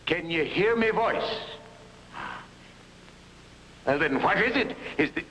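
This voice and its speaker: A man's voice: sits high, lively intonation, takes it slowly, noisy background. An actor playing a frightened, hunted blind man in a 1960s TV drama, pleading and stammering, often dropping to worried half-whispers. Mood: anxious. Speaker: lead actor.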